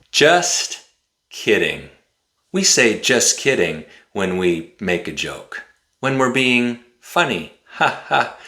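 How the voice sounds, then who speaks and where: Male teacher for a pronunciation lesson, lively pitch, roomy sound. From United States. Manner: slow, carefully articulated, demonstrative. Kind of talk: slow, clear pronunciation lesson.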